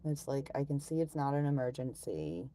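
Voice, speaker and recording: A woman's voice: a bass voice, lively intonation, normal speed, dark tone. A middle-aged woman chatting casually on a live stream, ranting, sighing and swearing as she talks.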